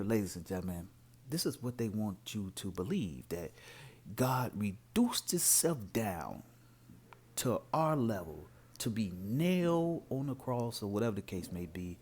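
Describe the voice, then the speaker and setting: Man, informal preaching, emphatic, rhetorical, swooping lively pitch. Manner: animated, emphatic, rhetorical questions. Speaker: religious commentator.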